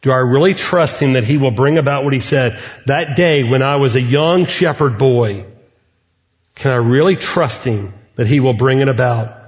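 A middle-aged man delivers an earnest sermon, pausing between phrases. His mid-range voice rings through a large hall with a long reverb tail. The sound is slightly muffled. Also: mid-range voice. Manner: earnest preaching with deliberate pauses. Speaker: pastor.

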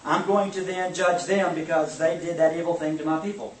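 A man voicing a calm, assured male deity who speaks in a reassuring way. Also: fairly high pitch, a little fast, slight background noise, natural voice. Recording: echoey room, mic at a distance.

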